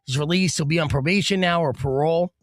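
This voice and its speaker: A man's voice: on the high side, fast talker, dry recording. A man hosting a radio talk show, chatting casually and loosely with many fillers. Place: radio studio. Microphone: studio mic.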